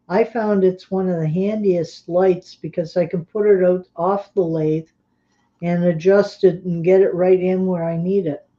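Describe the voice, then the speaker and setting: A woman co-hosting a livestream, relaxed and friendly, reading out viewer comments. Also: on the low side. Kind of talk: casual livestream chat. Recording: dull lo-fi remote audio.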